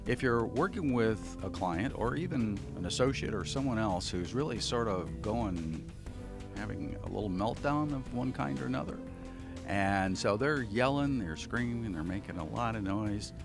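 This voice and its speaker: A communication trainer with a fairly low-pitched voice gives an instructional talk, keeping it folksy and conversational with homely examples.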